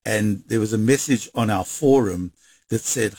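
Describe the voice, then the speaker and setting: A man recounting events in an animated interview, talking quickly and restarting his sentences. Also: lowish voice, husky, no echo. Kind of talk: storytelling interview.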